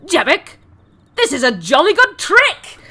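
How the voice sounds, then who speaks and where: Woman playing a jittery rabbit-man in a fantasy game, high and loud. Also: huge pitch swings, measured pace, exaggerated voice. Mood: cheery. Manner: high, loud, panicky exclamations. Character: excitable male rabbit-folk Harengon adventurer.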